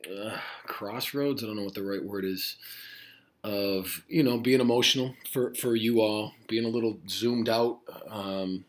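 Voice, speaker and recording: A middle-aged man, a high school Spanish teacher, talking casually and reflectively to his students on a podcast, rambling with many fillers and restarts. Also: measured pace. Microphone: home podcast mic.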